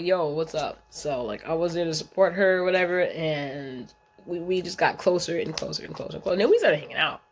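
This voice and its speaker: A woman in her thirties, with a lowish and slightly mellow voice, tells a long story in a casual vlog. She's blunt and slangy, swears constantly, and often drifts off track.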